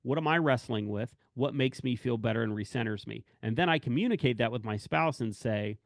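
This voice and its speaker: A man's voice: medium pitch, fairly quick, vocal fry, no room sound, studio quality. A man who works in corrections talks candidly about work and family, rambling and correcting himself as he acts out bits of dialogue. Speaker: corrections officer speaking to staff.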